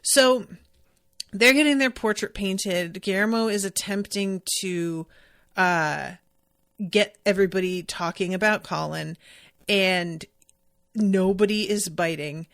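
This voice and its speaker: A woman hosts a podcast, chatting casually as she recaps a TV episode, rambling, quoting scenes and correcting herself along the way. Her voice is medium-pitched, slow and a bit bright, recorded cleanly in a studio with no echo.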